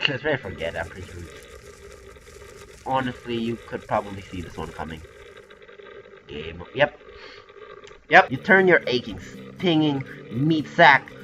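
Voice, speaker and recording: A man's voice: mid-range voice, a bit bright. A man reading a visual novel game aloud with casual, offhand commentary, swearing often. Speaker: game player. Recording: muffled recording with faint background music.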